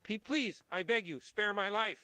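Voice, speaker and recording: A man's voice: sits high, normal speed, pushed and bright, no echo. A man voicing a terrified male frog who begs for mercy in a pleading, dramatic way. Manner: pleading, sobbing dramatic delivery.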